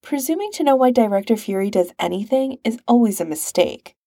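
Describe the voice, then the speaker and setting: A woman reading a composed, sincere male agent who speaks in a measured, formal way. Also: on the high side, expressive, dark tone, no room sound, studio quality.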